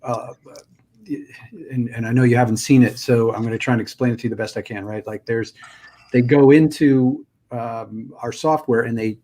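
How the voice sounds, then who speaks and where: A middle-aged man at a medium pitch hosts an interview in a relaxed, conversational way. He lays out his example step by step, with plenty of ums and restarts. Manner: casual, explains at length with fillers and restarts. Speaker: podcast host.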